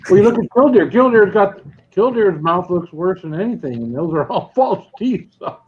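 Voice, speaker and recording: A man's voice: high voice, expressive, moderate pace, dull audio, a little hiss or hum. A man in a casual chat, talking in a blunt, plainspoken way.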